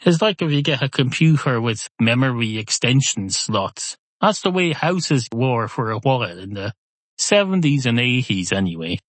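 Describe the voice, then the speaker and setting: A man's voice: mid-range voice, a bit bright, dry recording. A middle-aged man, hosting a podcast in a rambling, wry, self-interrupting comic monologue. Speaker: podcast host.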